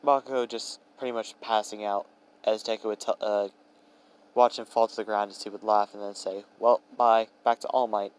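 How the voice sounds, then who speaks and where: A man's voice: fairly low pitch, flat delivery, brisk, darkish tone, clear, resonant tone, poor audio. A young man improvising a fan-fiction story, rambling with fillers and restarts.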